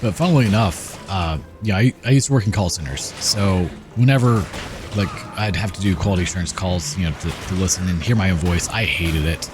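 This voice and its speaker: A man hosting a gaming channel, chatting in a relaxed, rambling way as he comments over gameplay. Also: low voice, a little fast. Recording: game music playing behind. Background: game music.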